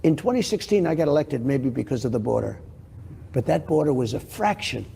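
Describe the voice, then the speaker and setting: Gravelly older New man, rambling. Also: medium pitch, lively intonation, brisk, dark tone, slight background noise. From New York. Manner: rambling, boastful, repeats himself. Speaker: interview guest. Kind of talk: TV interview answers.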